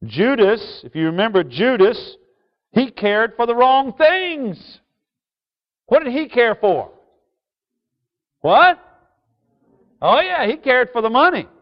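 High-voiced preacher, loud then hushed. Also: male voice, big pitch swings, unhurried. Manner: call-and-response questions to the congregation; swings from loud emphasis to quiet asides. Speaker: pastor. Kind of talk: sermon. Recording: dull lo-fi sound.

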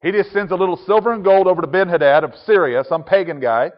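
A pastor preaching a conversational sermon with chuckling asides, reading and explaining scripture. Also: male voice, sits high, fast talker, big-room sound, highs cut off.

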